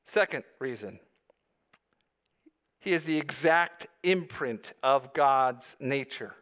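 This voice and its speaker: A man's voice: mid-range voice, animated, slow pace, fairly bright tone. A male pastor delivering a sermon, earnest, with rising emphasis on key phrases.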